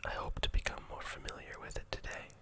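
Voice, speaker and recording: A host with a Canadian accent whispering softly through a relaxed ASMR map tour, gently hesitant. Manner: soft, unhurried, gently hesitant with fillers.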